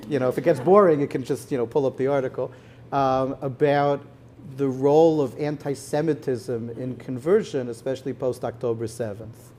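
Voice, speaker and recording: Mellow-voiced rabbi explaining calmly. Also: male voice, medium pitch, a little hiss or hum. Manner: measured, explanatory, frequent "you know". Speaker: rabbi, head of a conversion court, guest. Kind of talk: live conversation before an audience. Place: synagogue hall with an audience.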